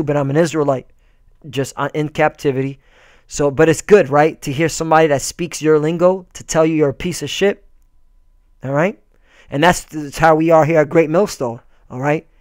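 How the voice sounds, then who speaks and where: A man's voice: a little high, no room sound, studio quality. A man preaching a fiery, profane sermon and reading scripture aloud. He stumbles and repeats himself often and keeps asking "all right?".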